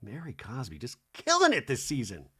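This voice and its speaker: A man hosting a comedy podcast, recapping reality TV in an animated, profane way and mimicking the cast. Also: mid-range voice, moderate pace, husky. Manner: swears freely. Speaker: podcast host.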